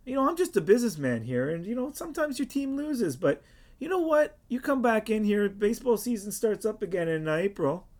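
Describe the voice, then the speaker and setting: A man's voice: sits high, sing-song, brisk, a little mellow. A man voicing a shrewd male halfling bookie who talks in a folksy, rambling way.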